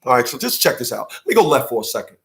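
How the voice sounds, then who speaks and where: A man hosting an animated opinion monologue, emphatic, acting out little mock dialogues and laughing at his own jokes. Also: medium pitch, very fast, gravelly, reverberant. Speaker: commentary show host. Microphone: livestream setup.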